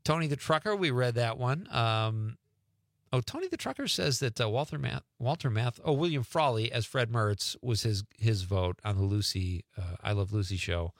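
A man's voice: moderate pace, dry recording, studio quality. A middle-aged man hosting a casual call-in radio show, reading listener texts with playful asides and chuckles. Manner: animated, chuckling, swings between playful asides and low murmurs. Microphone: studio radio mic.

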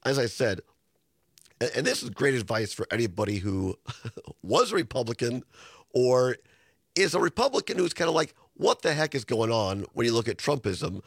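A man hosting a talk radio show, hoarse and congested, chatting casually with stumbling restarts into a studio microphone. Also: mid-range voice, sing-song, moderate pace, long pauses, no echo.

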